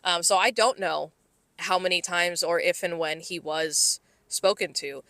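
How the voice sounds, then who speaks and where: Bright-voiced woman chatting on a podcast. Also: on the low side, unhurried, no room sound. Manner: rambling storyteller, heavy "like" fillers, laughs often. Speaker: podcast co-host. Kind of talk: casual chat.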